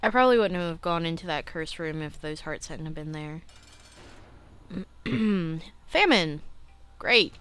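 Young woman doing chatty let's play commentary, super clear smooth voice, bit low, keeps clearing her throat, yells at her own mistakes. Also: measured pace, long pauses. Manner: chatty and self-critical, breaks into excited outbursts. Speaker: gaming channel host.

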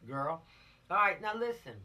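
A woman's voice: sits low, animated, moderate pace, bright, forceful tone. A woman police officer giving a law lesson to teenagers, telling it dramatically with rhetorical questions and acted-out scenes. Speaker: police officer teaching teens. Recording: voice from a distance.

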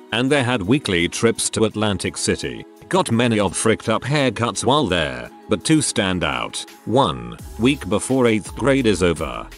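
A man with a low voice reads internet stories aloud, his pitch rising and falling freely as he goes. He slips wry comments in between the tales, while soft music plays faintly underneath. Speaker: narrator.

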